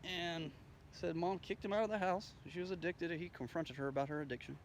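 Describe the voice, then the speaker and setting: A man's voice: on the high side, fairly even intonation, a little fast, slight background noise. A man telling a rambling, profane story in a casual way, acting out the dialogue as he goes. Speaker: storyteller recounting his day.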